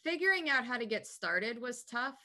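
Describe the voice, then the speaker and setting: Her voice is on the high side with big swings in pitch, moving at a normal speed and sounding pushed and bright. In casual interview answers about her health business, she's enthusiastic, upbeat and chatty.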